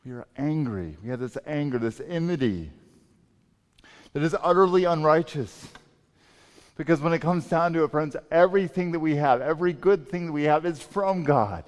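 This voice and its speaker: A man preaching a sermon as pastor, emphatic and swinging between loud and soft delivery. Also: a little high, normal speed. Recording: long reverb of a large hall.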